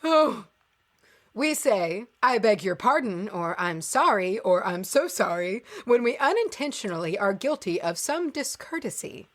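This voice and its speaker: A woman's voice: medium pitch, big pitch swings, unhurried. A woman co-hosting a casual podcast, reading a text aloud and breaking in with exasperated, sarcastic asides. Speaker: podcast co-host.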